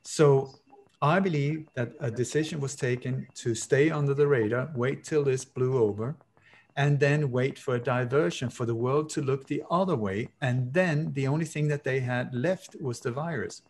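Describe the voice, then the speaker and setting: A man's voice: medium pitch, moderate pace, darkish tone. Emphatic, sarcastic man guest. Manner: emphatic, sarcastic, repeats words for effect. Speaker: interview guest. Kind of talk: animated storytelling in an interview.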